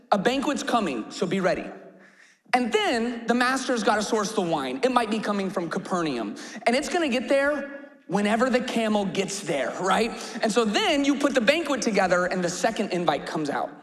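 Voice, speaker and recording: A male pastor preaches with a lively, swooping delivery, his pitch rising and falling through the parable. He throws out loud rhetorical questions now and then. His voice rings with the long reverb of a large hall. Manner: animated storytelling, shouting rhetorical questions. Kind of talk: sermon.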